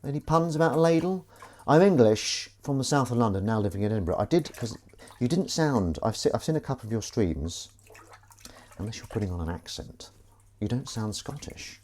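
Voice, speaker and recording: This host's mid-range voice is sing-song, fairly quick and a little mellow. He washes dishes at home while casually livestreaming and reading comments, with running water and clinking cutlery making slight noise behind him.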